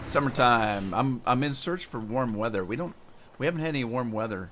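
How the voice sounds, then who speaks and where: A man's voice: medium pitch, lively intonation, a little fast, a bit bright. Chatty American man streaming a game. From United States. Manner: chatty, thinks aloud and answers viewers' chat. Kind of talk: live gameplay commentary. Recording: game vehicle engine noise behind.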